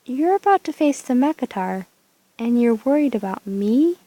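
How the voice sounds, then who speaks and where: A woman's voice: a little high, animated, moderate pace, warm tone, poor audio. A woman voicing a brave young heroine in a story game, plain and lightly sarcastic. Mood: wry.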